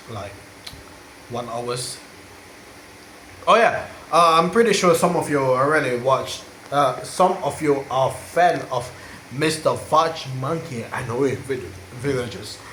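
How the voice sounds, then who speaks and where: A man's voice: mid-range voice, a bit bright. A man rambling and joking crudely in a casual vlog. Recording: echoey room, faint hiss.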